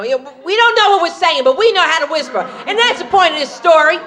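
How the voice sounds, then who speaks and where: A woman's voice: high voice, lively intonation, fast talker, few pauses, fairly bright tone. A woman doing a stand-up comedy set, telling punchy stories on a club stage and slipping into character voices.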